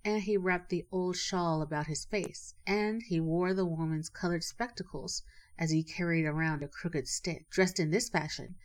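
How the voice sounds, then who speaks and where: Low-voiced woman storyteller. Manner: measured, expressive. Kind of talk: storybook narration.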